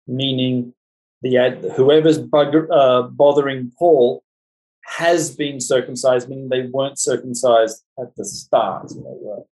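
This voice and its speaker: A man teaching a Bible study group, talking in fast, halting bursts with many restarts and fillers. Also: medium pitch, a little mellow, poor audio. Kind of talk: lecture with group discussion.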